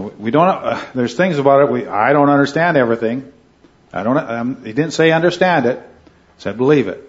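A man teaching a Bible study class to a group, earnestly checking in with "right?" and "okay" as he leads the discussion. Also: medium pitch. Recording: dull lo-fi recording.

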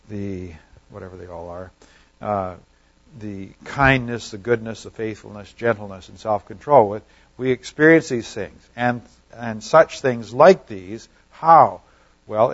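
A man teaching through a Bible passage in a conversational way, often checking in with his listeners and letting phrases trail off quietly. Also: medium pitch. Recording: slightly dull, lo-fi sound.

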